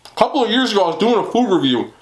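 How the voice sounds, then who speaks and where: Racing along in a high-pitched, very animated voice, a young mukbang vlogger chats casually while he eats. He laughs often and pokes fun at himself, and the recording has the roomy sound of a home.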